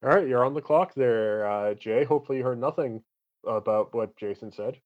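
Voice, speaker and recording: A man's voice: mid-range voice, a little fast. A man hosting a casual sports podcast, joking and restarting his sentences as he makes his picks. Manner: relaxed, joking, restarts often. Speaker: podcast host. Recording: dull lo-fi audio.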